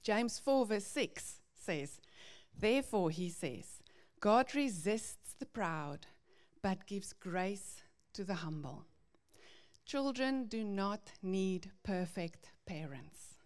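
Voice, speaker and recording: A woman giving a devotional teaching to parents, earnest and gently confessional as she reads out Bible verses. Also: mid-range voice, expressive, slow.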